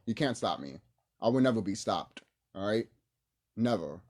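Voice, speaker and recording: In this casual ranting vlog, a YouTuber speaks at home into his camera's mic, angry and cursing freely. His voice is lowish and a little mellow, animated at a normal speed, with long pauses.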